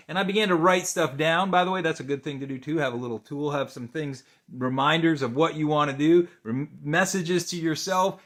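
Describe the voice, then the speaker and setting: A man's voice: fairly high pitch, fairly quick, hardly any pauses, a bit bright. Middle-aged man, therapist explaining to camera, unscripted, easygoing, lots of um and uh, rhetorical questions. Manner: conversational, many fillers and restarts, asks rhetorical questions. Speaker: therapist teaching a video course. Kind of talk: unscripted teaching talk to camera.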